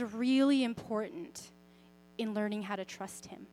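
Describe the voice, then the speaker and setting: A young woman giving a personal faith talk, speaking expressively and conversationally, often softening to a quiet, gentle tone. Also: mid-range voice, a little slow. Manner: conversational, with fillers and self-corrections. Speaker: Christian speaker sharing a parenting story.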